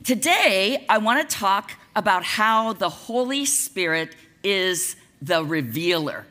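A woman pastor preaching a sermon in a conversational, lively way, with casual asides. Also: medium pitch, slow pace.

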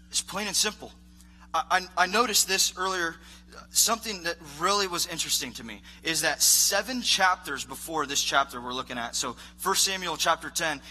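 A man preaching a casual, animated sermon as a youth pastor, acting out voices of characters. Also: fairly high pitch.

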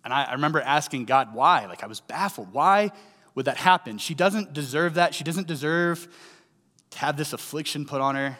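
A man's voice: fairly high pitch, normal speed, bright, forceful tone. Man preaching in a reverberant hall. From St. Louis, USA. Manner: conversational storytelling, rising emphasis on key lines. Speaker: pastor. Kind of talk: sermon.

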